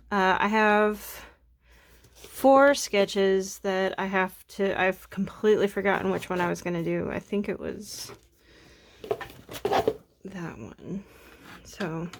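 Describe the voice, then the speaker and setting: A young woman art vlogger chats casually as she draws, rambling and poking fun at herself, a little sniffly from allergies. Her voice sits in the mid range, with a slight bit of background noise.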